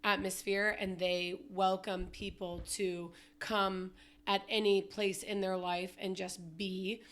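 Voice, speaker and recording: A woman on a podcast speaking as a supportive friend, giving calm, reassuring encouragement. Her voice is of ordinary pitch and she talks in a relaxed, conversational way. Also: slow pace. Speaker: podcast co-host. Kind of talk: casual chat.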